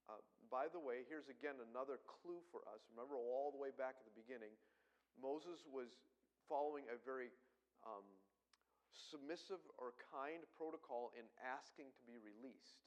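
A middle-aged man preaching a sermon, animated, swinging between loud emphasis and soft asides. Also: mid-range voice, normal speed, poor audio. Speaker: pastor.

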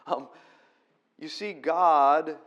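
A man preaching a conversational sermon, explaining scripture verse by verse and rising to loud, emphatic peaks when he quotes it. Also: medium pitch, expressive, normal speed, lo-fi sound. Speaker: pastor.

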